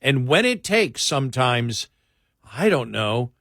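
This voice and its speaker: A man's voice: medium pitch, big pitch swings, slow, fairly bright tone, dry recording, studio quality. A man hosting an overnight radio talk show, reading a list aloud and trading quips, his speech speeding up when he gets annoyed. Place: radio studio. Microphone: studio microphone.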